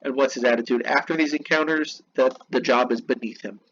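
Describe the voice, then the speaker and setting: A man's voice: mid-range voice, steady tone, a little fast, a bit bright. A man reading lesson notes aloud and explaining them with casual, chatty asides. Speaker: teacher. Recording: dull lo-fi recording with faint noise.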